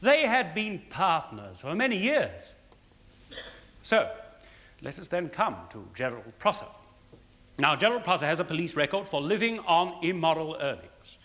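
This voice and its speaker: A formal prosecuting barrister. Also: male voice, fairly high pitch, very animated, a little slow, fairly bright tone, in a large hall. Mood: persuasive. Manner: formal, rhetorical, emphatic. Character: measured male barrister giving closing speech. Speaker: prosecuting counsel. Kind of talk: 1970s television courtroom drama.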